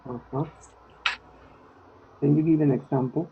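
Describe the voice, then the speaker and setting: A man teaching an online English class, slowly checking in with his students. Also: fairly high pitch, steady tone, very noisy. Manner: slow, repeats with "okay?" and "no?" checks. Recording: tinny phone-like line.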